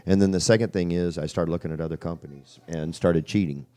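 Really deep voiced guy, dark mellow tone, plain storytelling. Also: quick pace. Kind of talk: telling a personal story.

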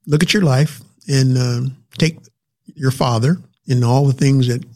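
Gravelly man, earnest and emotional. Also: medium pitch, steady tone, unhurried, dark tone. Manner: earnest, emotional, repeats words. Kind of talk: casual chat.

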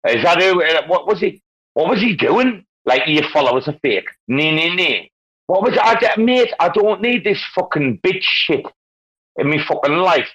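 A boisterous man who rambles and swears his way through loose banter, his pitch jumping all over the place. His voice comes through a muffled, lo-fi online call line. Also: lively intonation, moderate pace, a bit bright. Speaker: guest speaker in a crypto audio space. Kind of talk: rowdy casual banter.

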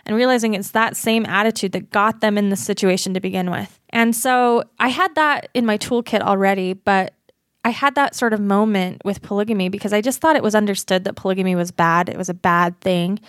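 A woman from Utah speaks as an interview guest and advocate, earnest and reflective, often turning a critical eye on her own past choices. Her voice sits at a middle pitch and is heard dry and close, with no room sound. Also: fairly even intonation, a little fast, no room sound. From Utah, USA.

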